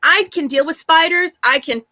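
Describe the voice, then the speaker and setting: Woman, live stream host, casual chat, rambling storyteller, bright, dry. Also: extremely high pitch, normal speed, no room sound. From Texas. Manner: chatty storyteller, rambling with many restarts.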